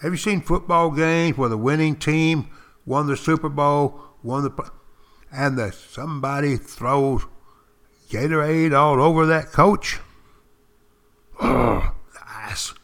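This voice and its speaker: An older man, a former Marine, telling stories in a folksy way with dramatic pauses, speaking directly to his listeners. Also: a little high, a bit bright. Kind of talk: spoken storytelling to listeners.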